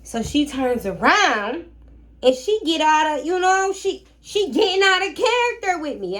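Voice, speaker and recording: A young woman hosting a casual storytime vlog about her rental guests, talking in a sassy, animated way with slangy asides to the viewer. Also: sits high, a little slow. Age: young adult. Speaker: short-term rental host.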